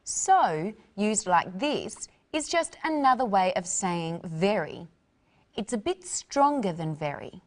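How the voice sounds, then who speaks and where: Slow-speaking female English teacher presenter. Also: mid-range voice. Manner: slow, explanatory. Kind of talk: scripted teaching narration.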